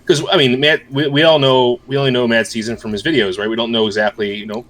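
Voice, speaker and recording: A man with an ordinary mid-range voice speaks in a measured, casual way as he lays out the plan for the episode, with a few fillers along the way. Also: medium pitch, flat delivery, a bit bright. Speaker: podcast co-host. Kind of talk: casual podcast chat.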